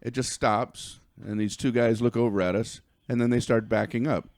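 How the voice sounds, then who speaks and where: A male comedian, a guest on a podcast, tells a comic story with animated stammering restarts. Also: medium pitch, normal speed.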